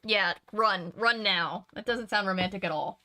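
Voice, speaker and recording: A woman's voice: medium pitch, normal speed, sharp tone. A woman reading a mystery novel aloud and breaking off for chatty, laughing commentary and self-corrections. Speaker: reader and channel host.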